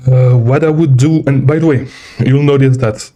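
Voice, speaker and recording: A man's voice: mid-range voice, steady tone, normal speed, dark tone. A man hosting a casual live Q&A as a seller coach, short of breath and rambling, tagging many lines with "okay?". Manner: rambling, repeats okay, reads viewer questions. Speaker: livestream host and seller coach. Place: traveling, indoors.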